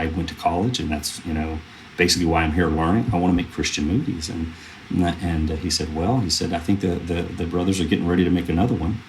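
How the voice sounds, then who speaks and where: A low-pitched, gravelly male voice comes through with a little hiss or hum. The speaker, a thirty-something film producer on a podcast, recounts earnest stories in a casual interview, rambling and using fillers and restarts.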